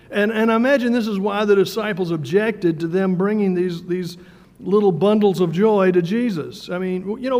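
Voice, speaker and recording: A man with a high voice preaches a sermon in a relaxed, conversational way, often stumbling over his words and repeating them. He slows down to make a point. His voice rings with a long reverb, as in a church hall. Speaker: pastor.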